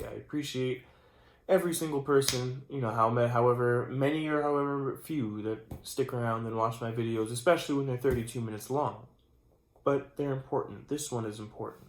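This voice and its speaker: Sleepy man rambling in an echoey room. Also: medium pitch. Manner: rambling, mock-serious, trails off and restarts. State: sleepy and tired late at night. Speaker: channel host. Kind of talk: rambling mock-serious rant to camera. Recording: roomy echo.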